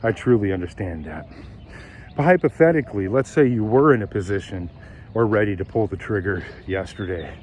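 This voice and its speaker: A man who manages car sales, coaching on a walk and acting out phone calls in lively bursts. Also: lowish voice, a little hiss or hum. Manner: animated, acts out phone calls in quick bursts. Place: outdoors while walking.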